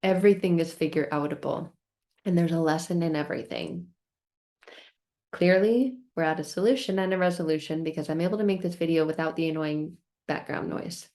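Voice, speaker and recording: Expressive woman telling a self-help story. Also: low-pitched, brisk. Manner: expressive storyteller, acts out her frustration in quoted outbursts; repeats phrases in rhythmic lists. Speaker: self-help video host. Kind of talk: casual self-help vlog talk.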